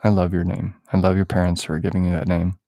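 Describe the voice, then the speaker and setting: A man's voice: low-pitched, completely flat delivery, fast, dark tone, no room sound. A man hosting a spiritual podcast, improvising a prophetic prayer over a listener in a playful, affectionate and rambling way that mocks himself.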